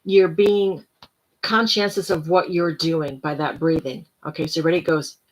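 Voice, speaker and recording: Husky, low-voiced woman talking self-care. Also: moderate pace, rough recording. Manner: rambling, relaxed, with soft whispered breathing cues. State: tired. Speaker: self-help vlogger. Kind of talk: casual self-help talk.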